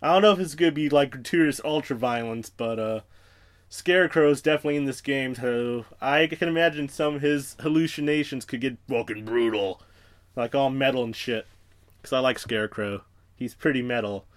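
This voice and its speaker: A man's voice: medium pitch, normal speed. A young man hosting a podcast alone, rambling through profane, self-mocking tangents in casual chat. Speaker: podcast host.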